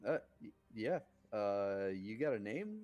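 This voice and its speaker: A man's voice: lowish voice, big pitch swings, takes it slowly, lo-fi sound, faint music behind. A man playing a tabletop game, chatting casually in character with frequent restarts. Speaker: player.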